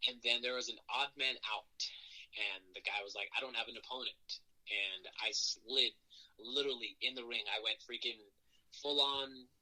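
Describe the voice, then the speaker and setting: A man, a wrestler, telling a lively story in a podcast interview and acting out what people said. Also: mid-range voice, normal speed, low-quality recording. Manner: animated, acts out quotes in raised voices. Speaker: wrestler guest.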